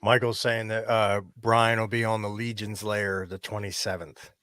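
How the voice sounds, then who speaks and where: A man's voice: lowish voice, level tone, normal speed, fairly bright tone, smooth, no echo, studio quality. A man co-hosting a casual toy chat show, easygoing and friendly. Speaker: co-host.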